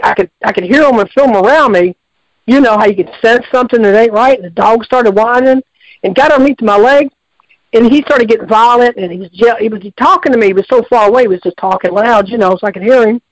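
High-voiced man rambling on a call-in. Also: fairly quick, no echo, highs cut off. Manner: folksy, repetitive, lots of restarts. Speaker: radio show caller. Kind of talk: rambling casual storytelling.

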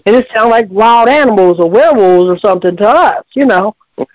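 A woman's voice: medium pitch, animated, brisk, a little mellow, no echo, dull audio. Rambling woman on a call-in line. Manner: rambling, colloquial, with many restarts. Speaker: caller. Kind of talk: call-in storytelling.

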